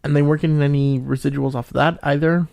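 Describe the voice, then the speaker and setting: A man's voice: on the high side, steady tone, quick pace, vocal fry, darkish tone. Man explaining with lots of ums. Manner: explains at length with many ums. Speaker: podcast co-host. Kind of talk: casual chat.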